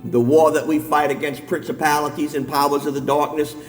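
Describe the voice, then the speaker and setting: A middle-aged man preaching a sermon, moving from calm talk to shouted, near-sung preaching. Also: on the high side, fairly quick. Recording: long hall reverb, faint music behind.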